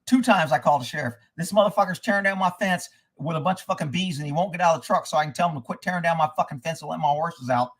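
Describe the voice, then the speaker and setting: A man's voice: fairly high pitch, rapid-fire, hardly any pauses. A man hosting a livestream, ranting angrily and profanely in a rambling monologue and reading out viewer comments. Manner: profane, angry, rambling rants; reads out viewer locations and comments. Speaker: livestream host.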